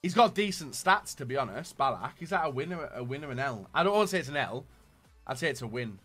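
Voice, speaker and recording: A man giving gaming commentary as he opens packs, excitable, dropping to low muttering and then bursting into shouts. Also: quick pace, husky, soft background music. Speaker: gaming YouTuber. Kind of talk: pack-opening gaming commentary.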